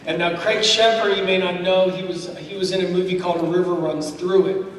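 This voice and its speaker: A man guest at a convention panel, telling lively anecdotes full of laughter and acted-out quotes. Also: high voice, brisk. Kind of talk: storytelling at a fan panel. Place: large convention hall. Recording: echoey hall mic from far off with noise.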